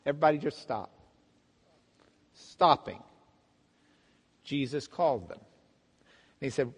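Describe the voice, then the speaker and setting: A man teaching a Bible class as a pastor, telling the story with lively acted-out voices. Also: medium pitch, takes it slowly, pauses often, slightly rough, in a large hall. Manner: animated storytelling, acts out voices of the crowd and blind men. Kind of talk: sermon.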